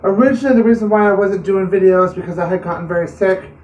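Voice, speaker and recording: A woman's voice: medium pitch, quick pace, mellow, muffled recording. A woman vlogger telling a personal story to camera in an earnest, plain-spoken way. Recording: roomy, distant mic.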